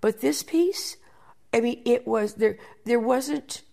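A woman producer in an interview, telling backstage stories in a lively way and often repeating words as she thinks. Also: fairly high pitch, takes it slowly, creaky. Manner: animated storyteller, repeats words while thinking. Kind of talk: interview conversation.

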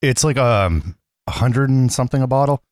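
A man's voice: mid-range voice, normal speed, darkish tone, dry recording, clean studio sound. A man in casual podcast chat, laid-back and rambling with jokes.

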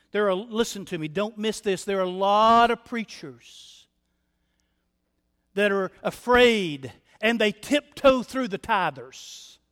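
A man's voice: high voice, a bit bright. A male pastor preaching a sermon from the pulpit, emphatic, repeating key phrases and speaking straight to the congregation. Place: church sanctuary. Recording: long church reverb.

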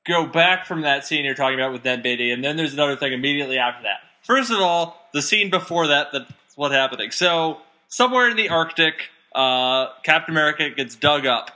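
A man's voice: on the high side, pushed and bright. A man co-hosting a casual film review podcast, recapping scenes in a wry, methodical way. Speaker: podcast co-host. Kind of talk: casual movie review chat.

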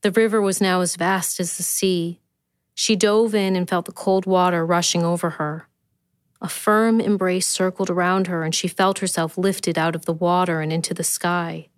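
Measured woman reading her own story. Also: fairly low pitch, steady tone, clean tone, no room sound, studio quality. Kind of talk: scripted narration.

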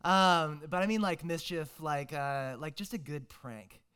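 A man's voice: fairly high pitch, measured pace, sharp tone, clean tone. A young man, preaching a casual, joking sermon as a guest preacher, full of fillers and restarts.

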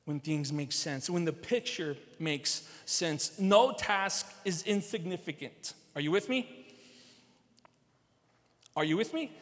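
A male pastor preaches to his congregation in a high-pitched voice. He repeats his key phrases and speaks to the people in front of him directly. His voice carries a long reverb from a large church sanctuary. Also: fairly bright tone. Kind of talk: sermon.

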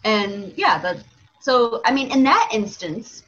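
A woman's voice: fairly high pitch, expressive, slow, a bit bright, dull audio. A woman co-hosting a podcast in casual chat, rambling and giggly, making fun of herself. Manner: giggly, rambling, self-deprecating. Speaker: podcast co-host.

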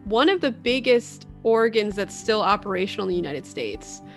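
A woman's voice: medium pitch, animated, soft background music. A young adult woman co-hosting a podcast, reading out facts in casual chat. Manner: reads facts, then chimes in with quick reactions. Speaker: podcast co-host.

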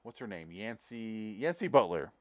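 A man's voice: lowish voice, sing-song, normal speed, darkish tone, no room sound, clean studio sound. A man hosting a podcast, chatting casually about movies with rambling, profane, jokey talk. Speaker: podcast host. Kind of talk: casual movie review chat.

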